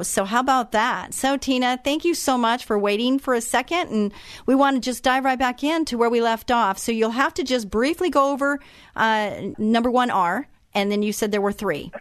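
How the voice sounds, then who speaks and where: A woman's voice: a little high, moderate pace, dry recording. Chatty middle-aged woman radio host. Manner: chatty, with fillers and restarts. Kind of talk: casual radio talk.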